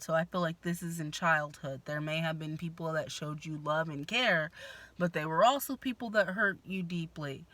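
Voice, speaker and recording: A woman's voice: lowish voice, fairly bright tone, dry recording. A woman giving a casual spoken tarot reading, frank and blunt, swearing freely and sighing between thoughts. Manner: frank, blunt and profane, with sighs and laughs. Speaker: tarot reader.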